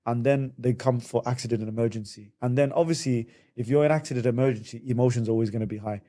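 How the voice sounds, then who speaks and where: Male counsellor, conversational podcast delivery, mimics others in raised voices. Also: fast. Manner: animated, acts out quotes with high voices. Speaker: Islamic family counsellor.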